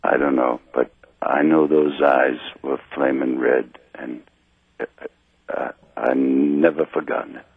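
A slightly drunk man calling in to a radio show, telling a long story in a rambling, halting way over a phone line. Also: extremely low pitch, steady tone, gravelly, breathy edge, dry recording. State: a little drunk. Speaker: caller. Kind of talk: call-in radio chat.

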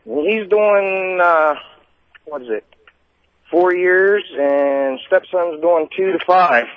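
A man's voice: high-pitched, takes it slowly, no room sound. A man calling in to a radio show, recounting events in a matter-of-fact, plain-spoken way over a dull phone line. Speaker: caller. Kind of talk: call-in radio chat.

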